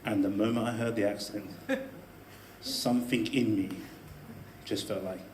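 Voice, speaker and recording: A man telling a personal story to a live audience in a debate speech, animated, with laughing asides and emphatic peaks. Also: fairly low pitch, moderate pace, noisy background. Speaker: debate speaker. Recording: echoey room with faint ambience.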